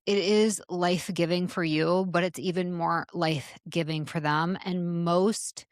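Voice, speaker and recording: A middle-aged woman speaks earnestly to her listeners, encouraging them like a coach. Her voice sits a little low for a woman. The sound is dry and close, with no room around it. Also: steady tone, unhurried, dry recording. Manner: earnest and encouraging, addresses listeners as "you guys". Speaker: podcast host and salon business coach. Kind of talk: motivational talk.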